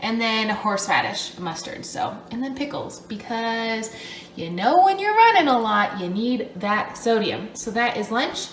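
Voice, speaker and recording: A woman vlogger chats to camera at home, upbeat and casual, sprinkling in "like" throughout. Her voice is a little high with big pitch swings and a slightly slow delivery, and there's slight background noise. She's tired and breathing hard between runs.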